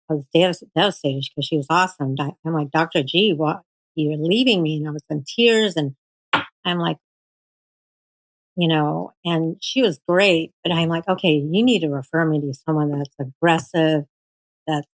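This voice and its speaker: A woman guest recounting her cancer treatment in casual storytelling, animated and full of fillers, often quoting her doctors. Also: deep voice, no room sound, rough recording.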